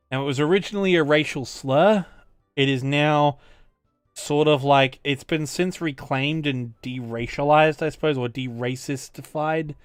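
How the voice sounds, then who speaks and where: An Australian man hosting a let's play while a little tipsy, rambling and restarting his sentences and swearing as he explains. His voice sits fairly high and sounds smooth. The recording is close and dry, with faint music underneath. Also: no echo. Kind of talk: casual game commentary.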